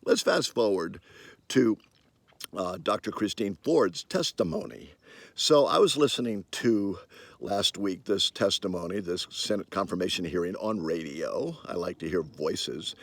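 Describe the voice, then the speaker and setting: Animated older man with a lively voice. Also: unhurried, dry recording. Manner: animated and emphatic, with sudden rises in pitch and loudness. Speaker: commentator. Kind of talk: spoken opinion monologue.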